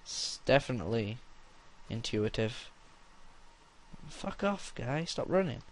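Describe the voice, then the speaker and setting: A young man commenting crudely on his own gameplay and shouting battle cries. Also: medium pitch, very animated, slow, slight background noise.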